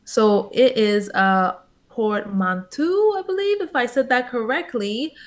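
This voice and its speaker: A woman from Canada sitting in as co-host on a podcast, chatting in a relaxed, giggly, somewhat hesitant way. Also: fairly high pitch, slow pace. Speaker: guest co-host. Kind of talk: casual podcast chat.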